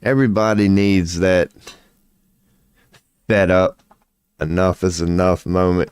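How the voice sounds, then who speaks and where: A man's voice: deep voice, fairly even intonation, slow, long pauses, a little mellow, smooth, no room sound. A tired man rambling indoors at home in a late-night vlog, profane, slangy and laughing at himself. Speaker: vlogger.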